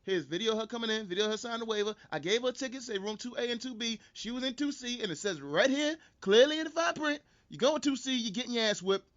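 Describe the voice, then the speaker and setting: A cocky, profane celebrity arguing his own case, as a man acts him out, in a high, bright voice. He sounds brash and sure of himself. The recording is dull and lo-fi. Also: lively intonation, fast, few pauses. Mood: defiant. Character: defiant male celebrity defending himself in court.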